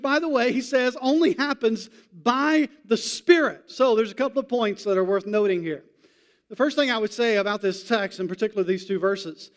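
Male pastor, high and clear voice, conversational preaching with emphatic slow stresses. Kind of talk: sermon.

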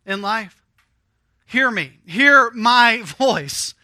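High, bright-voiced man preaching slowly. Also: no echo. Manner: preaching with rhetorical questions, drops to a hushed, intimate tone. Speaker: pastor. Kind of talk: sermon.

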